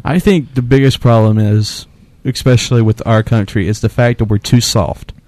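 A man's voice: medium pitch, steady tone, normal speed, darkish tone, no echo. A man in casual conversation, speaking bluntly and swearing freely. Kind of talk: casual chat.

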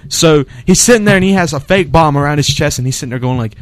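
A man's voice: on the high side, quick pace, no echo. A young man in casual chat among friends, animatedly retelling a film scene and acting out the quotes in raised voices.

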